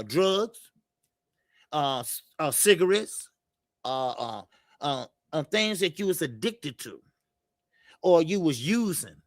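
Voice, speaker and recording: A boxing show host with a gravelly, high voice and a sharp tone reads comments in a casual live-stream chat. He's loose and profane, stammering through plenty of fillers, and the recording is dry.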